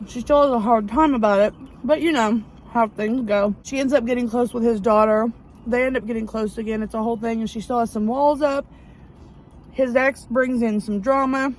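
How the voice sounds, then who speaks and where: A woman, chatting excitedly and rambling with many fillers as she recaps a romance novel. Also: a little high, slight background noise, rough recording. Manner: gushing, rambling, lots of fillers. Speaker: book vlogger. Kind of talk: casual book review chat. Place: outdoors near a parking lot.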